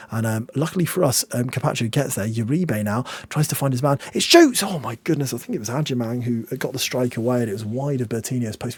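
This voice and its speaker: Husky, excitable young man. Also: mid-range voice, no room sound. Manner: excitable, swings between hushed nerves and loud outbursts. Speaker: game streamer. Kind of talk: video game commentary.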